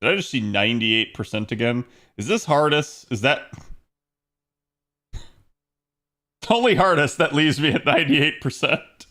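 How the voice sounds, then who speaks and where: A man's voice: a little high, expressive, measured pace, long pauses, bright, forceful tone. A man streaming a game, chatting casually with his viewers and laughing often as he plays. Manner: chatty, laughs often, talks to chat while playing. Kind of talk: casual gaming stream chat.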